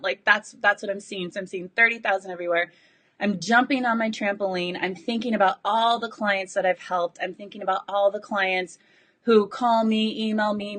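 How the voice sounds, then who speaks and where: Breathless woman coach, excitable and rambling, chatting live to her followers. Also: medium pitch. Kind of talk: live video chat to followers.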